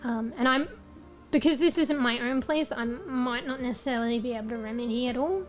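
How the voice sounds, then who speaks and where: Woman streamer, high pitch, losing her voice, rambling casual chat, faint music behind. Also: a little fast. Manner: rambling, casual, swears often.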